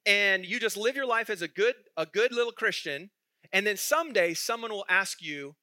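A male pastor preaches a sermon conversationally, asking the congregation questions and chuckling through his stories. His high, animated voice moves at a moderate pace with a sharp tone, captured in clean studio sound with no echo.

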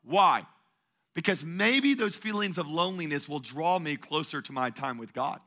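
A male pastor delivering an energetic sermon in a church, calling on the congregation to answer back. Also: fairly high pitch, normal speed. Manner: call-and-response preaching, energetic and emphatic.

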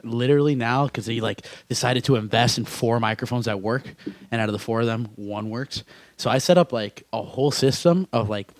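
A man co-hosting a podcast, relaxed and wry, introducing the next segment. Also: medium pitch, no echo. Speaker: podcast co-host. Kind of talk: casual podcast chat.

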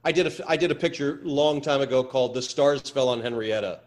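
Man, actor guest, interview chat, halting, repeated words, average pitch.

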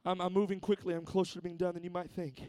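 A man's voice: high voice, little pitch movement, quick pace, darkish tone, clear, resonant tone, no echo. A man preaching a Pentecostal sermon in church, repeating words as he moves from conversational talk to fervent exhortation. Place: church sanctuary.

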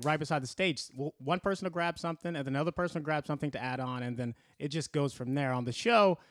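A man co-hosting a podcast, explaining and telling stories in a relaxed, casual way. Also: mid-range voice, no echo. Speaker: podcast co-host. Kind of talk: casual chat.

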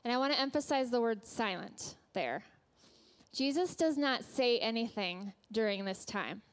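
A woman who works as a nurse, giving an earnest, gentle sermon that she tells like a story in a church. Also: fairly high pitch, expressive, moderate pace, smooth.

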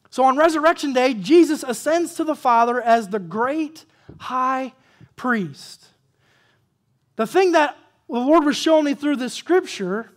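A pastor preaching a sermon, repeating key phrases for emphasis and asking the congregation questions. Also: high-pitched. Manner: asks the congregation questions, calls for amen.

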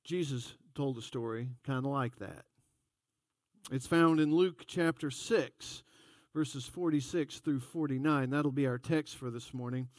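A man's voice: medium pitch, measured pace, no room sound, clean studio sound. A man preaching a sermon in a folksy, conversational storytelling way. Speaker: pastor.

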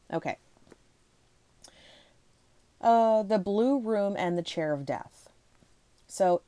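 A woman casually reading ghost stories aloud to her viewers, rushing, tripping over words and breaking off for chatty asides. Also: low voice, mellow, no echo. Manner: chatty, reads fast, stumbles and laughs at herself. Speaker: ghost-story video host.

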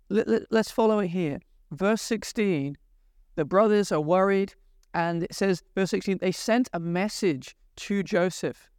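A man delivers a slow, deliberate sermon in a smooth, resonant voice. He retells scripture with emphatic pauses and turns to earnest, pleading appeals to his listeners. The recording is close and dry. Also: sits high, darkish tone, no echo. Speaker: preacher.

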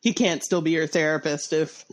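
A congested woman co-hosting a casual podcast about a short story, talking on a close boom mic with a slight lisp and many laughs. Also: moderate pace. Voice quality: slight lisp, spitty sibilants. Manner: chatty, laughs often, many restarts. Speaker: podcast co-host. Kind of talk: casual book discussion.

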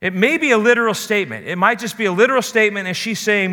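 A man's voice: sits high, quick pace, few pauses, bright, forceful tone, long reverb tail. A man preaching a sermon as pastor, talking earnestly and straight to his listeners. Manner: earnest, direct address to listeners.

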